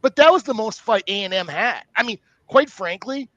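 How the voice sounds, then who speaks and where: A man co-hosting a live college football talk show, giving blunt opinions in an animated way with frequent stammering restarts. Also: high voice, normal speed, no echo, lo-fi sound. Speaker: co-host. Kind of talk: casual sports talk.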